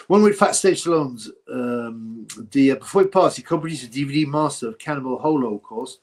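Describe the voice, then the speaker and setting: A man's voice: medium pitch, lively intonation, moderate pace. Male livestream host; blunt, rambling, mocking, casual chat tone. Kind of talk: casual livestream chat answering viewer comments.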